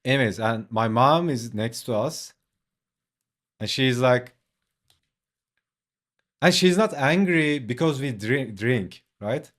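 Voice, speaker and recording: Non-native English-speaking man, mid-pitched, slow drawl, chatty and profane, for a casual streamer anecdote. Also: expressive, fairly bright tone. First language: not English. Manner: laid-back, leans on "like", swears, laughs often. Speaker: artist streaming while drawing a comic. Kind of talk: casual storytelling.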